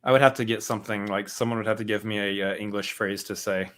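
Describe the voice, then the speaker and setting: Halting low-voiced man in casual chat. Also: steady tone, fairly bright tone. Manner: rambling, halting, self-deprecating. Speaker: podcast co-host.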